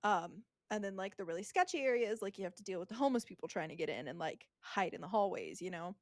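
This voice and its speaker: A young woman co-hosting a podcast, talking in a sarcastic, slang-filled way and laughing often. Her voice sits at an ordinary middle pitch. It is recorded dry and close, with no room sound. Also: expressive, fast, dry recording. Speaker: podcast co-host. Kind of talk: casual chat.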